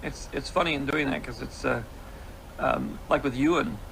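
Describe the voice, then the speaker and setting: A man explaining his filmmaking choices in a measured interview, from noisy archival audio. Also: medium pitch, gravelly. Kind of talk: reflective interview talk.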